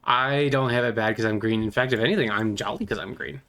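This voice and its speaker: A man's voice: medium pitch, fast talker, creaky, fairly bright tone. A man vlogging about miniatures in a casual, playful, rambling way.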